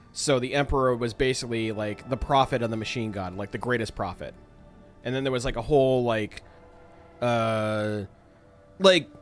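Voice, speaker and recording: A man on a live stream, chatting casually between game passages. He rambles through joking explanations with plenty of fillers. His voice sits at a middle pitch. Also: fairly bright tone.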